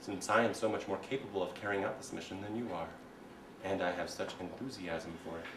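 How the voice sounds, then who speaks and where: A young man voicing a calm, coldly polite male ship computer in a smooth, quietly menacing tone. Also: low voice, fairly quick, noisy background, voice pushed down, lightly acted. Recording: roomy hall, distant mic.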